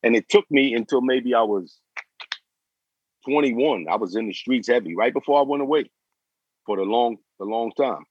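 A man's voice: mid-range voice, moderate pace, long pauses, husky, dry recording, muffled recording. A man in his forties telling his story as an interview guest, in profane street slang, often repeating himself. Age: 40s.

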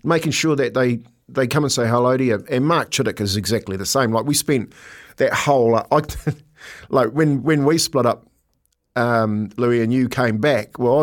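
An older man, co-hosting breakfast radio and telling a story in animated, rambling chat full of fillers. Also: medium pitch, normal speed.

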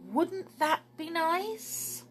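A woman voicing a kind, gentle old lady neighbour who pleads softly. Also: very high voice, expressive, extremely slow, slight background noise, voice pushed up, heavily acted. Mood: pleading.

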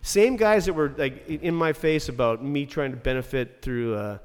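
A man's voice: medium pitch, moderate pace, few pauses, long reverb tail. A man, a former ice rink manager, talking bluntly and with plenty of swearing in a casual podcast chat. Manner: blunt, profane, ranting.

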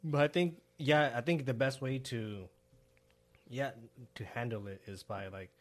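A man's voice: medium pitch, unhurried. Easygoing young man, podcast co-host. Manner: relaxed, easygoing, asks questions. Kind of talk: casual chat.

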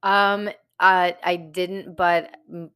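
A woman's voice: lowish voice, flat delivery, slow, a bit bright, clean tone. A woman guest on a podcast, talking casually, hesitant with many ums and trailing thoughts.

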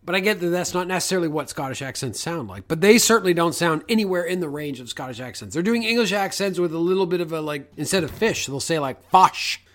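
Lively high-voiced man, swearing and joking. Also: quick pace, few pauses. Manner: animated, swears freely, jokey. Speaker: podcast co-host. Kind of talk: casual podcast chat.

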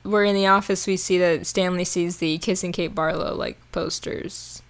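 A woman's voice: lowish voice, fairly even intonation, normal speed, clear, resonant tone. A woman co-hosting a casual chat, leading a film recap in a chatty way with lots of fillers. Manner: chatty, heavy use of "like", leads the recap. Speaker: podcast co-host.

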